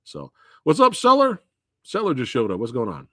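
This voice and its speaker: A man's voice: fairly high pitch, moderate pace, no room sound, clean studio sound. A man hosting a casual live Q&A stream, telling stories with lots of laughter and playing different people. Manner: animated storytelling with frequent laughter. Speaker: livestream host.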